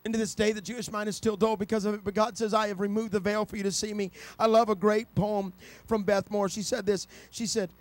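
A middle-aged man preaching a sermon, telling a personal story and rising to loud, passionate peaks. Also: high voice, level tone, quick pace.

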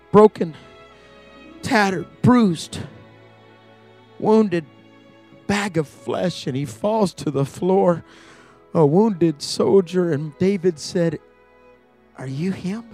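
Man, preacher, sermon, high voice, dramatic storyteller, loud peaks. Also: slow pace, pauses often, soft background music. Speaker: campus ministry preacher. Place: church.

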